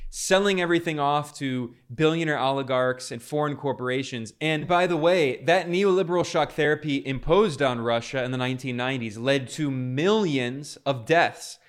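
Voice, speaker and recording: A man giving fervent political commentary, talking through clips with frequent restarts. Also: on the high side. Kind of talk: casual commentary over clips.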